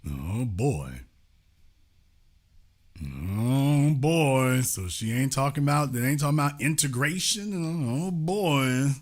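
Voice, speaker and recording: A man's voice: medium pitch, animated, slow. A man commenting on a news clip with sarcastic, groaning asides.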